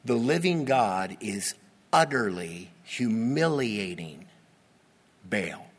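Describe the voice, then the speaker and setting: Man, pastor; measured, deliberate sermon delivery with wry asides; reverberant sanctuary sound. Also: fairly low pitch, animated, husky. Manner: expository, teasing asides, emphatic.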